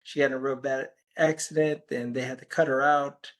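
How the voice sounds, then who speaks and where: A man's voice: medium pitch, little pitch movement, brisk, a bit bright. A man talking as a guest in an interview, telling a long rambling story and quoting the people in it. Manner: rambling anecdotes, quoting conversations with "I'm like". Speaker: healer and podcast guest.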